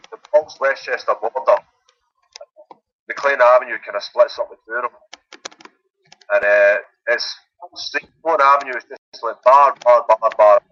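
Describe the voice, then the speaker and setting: A Scottish man calls into a radio show, his voice at a middling pitch. He chats in a relaxed, rambling way, full of fillers and asides. His line sounds dull and lo-fi. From Scotland. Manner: easygoing, chatty, lots of fillers. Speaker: caller. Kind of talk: casual chat.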